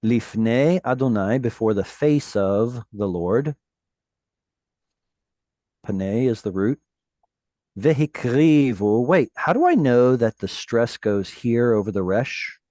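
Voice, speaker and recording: A man teaching a Hebrew class over a video call, patiently explaining words and reading verses slowly. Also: mid-range voice, lively intonation, mellow, dry recording.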